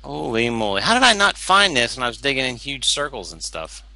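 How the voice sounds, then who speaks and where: Lively, sharp-voiced playful man. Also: medium pitch, a little fast, gravelly, no room sound, rough recording. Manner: playful, loves putting on accents. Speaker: game player. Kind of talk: casual gameplay chat.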